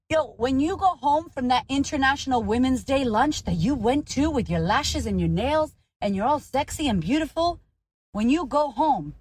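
A woman's voice: sits high, lively intonation, normal speed, breathy edge. A woman hosting a podcast, delivering a blunt, profane, fired-up motivational monologue in an emphatic, punchy way. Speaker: podcast host and coach.

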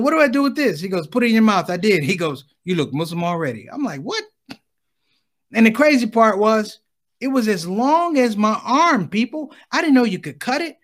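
A high-pitched man performs a stand-up storytelling set, calling out to the crowd and jumping between characters in his dialogue. His delivery is animated and full of swings from loud punchlines to quieter asides. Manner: animated, addresses the audience directly, acts out dialogue. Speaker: stand-up comedian.

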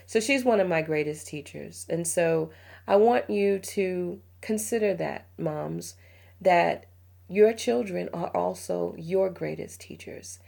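Middle-aged mother as podcast host, low gravelly voice, heartfelt and confiding. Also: slow pace. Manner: warm storytelling, emotional, laughs often. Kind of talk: heartfelt parenting podcast talk.

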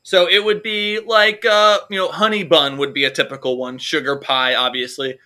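A man's voice: fairly high pitch, flat delivery, moderate pace, sharp tone. A man co-hosting a comedy podcast, rambling through jokes and swearing freely in casual chat. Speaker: podcast co-host.

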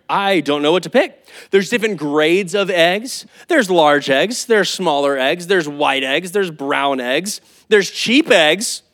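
A man preaching a sermon as pastor, telling a lively story with asides. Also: high-pitched.

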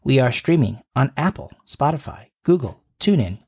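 A man's voice: medium pitch, very animated, normal speed, darkish tone, breathy edge. A man in his thirties co-hosting a casual podcast from home, telling rambling stories and chuckling often. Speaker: podcast co-host. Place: home room.

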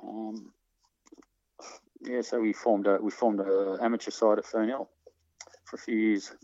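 A man reminiscing about his football days in a casual interview, halting often with ums and false starts. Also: lowish voice, level tone, mellow, dry recording. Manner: hesitant, many ums and restarts. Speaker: interviewee, former soccer player. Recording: dull, muffled recording.

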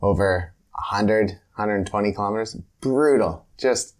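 A man hosting a podcast, chatting casually with a relaxed manner. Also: fairly low pitch, moderate pace. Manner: relaxed, brief reactions. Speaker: podcast host. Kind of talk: casual interview chat.

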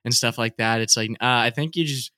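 A man's voice: mid-range voice, fairly quick, clean tone, no room sound, clean studio sound. A man co-hosting a casual podcast, rambling loosely with lots of fillers and laughs. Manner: relaxed, heavy use of "like", laughs often. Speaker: podcast co-host. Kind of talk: casual chat.

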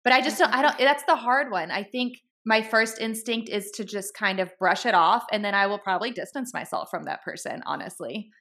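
A woman's voice: mid-range voice, fairly quick, hardly any pauses, fairly bright tone. A woman in her thirties co-hosting a podcast, talking things through in a thoughtful, agreeable way. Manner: thoughtful, agreeable, many "like" fillers. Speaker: podcast co-host. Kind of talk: casual chat.

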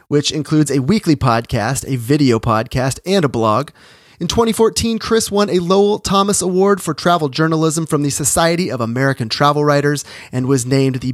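A man's voice: a little high, no room sound, clean studio sound. A man hosting a podcast interview, with an upbeat, hyped-up, salesman-like delivery. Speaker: podcast host.

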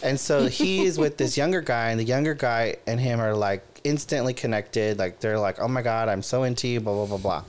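A man in casual chat, retelling a story with lively quoted voices. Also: medium pitch, fairly quick, few pauses, smooth. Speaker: podcast co-host.

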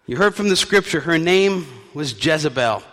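A man's voice: fairly high pitch, lively intonation, normal speed, fairly bright tone, long reverb tail. A male pastor preaching a sermon in a conversational storytelling way with wry asides.

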